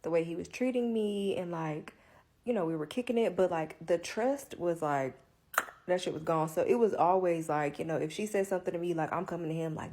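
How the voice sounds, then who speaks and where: A woman telling a long personal story in a casual, candid monologue, profane and rambling, filling nearly every pause with "like.". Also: fairly low pitch, dark tone. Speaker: storyteller vlogger.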